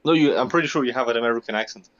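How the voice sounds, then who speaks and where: A man's voice: mid-range voice, very fast, a bit bright, dull audio. A man chatting casually in an online voice chat, talking bluntly, repeating himself and firing off question after question.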